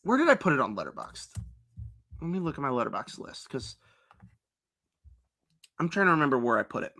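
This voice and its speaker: A man's voice: mid-range voice, very animated, a little fast, bright, forceful tone. A young man reviewing movies on a live stream, rambling casually with lots of fillers and mocking impressions of characters. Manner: rambling, filler-heavy, mocks characters with put-on quotes. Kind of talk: casual live-stream tier list chat.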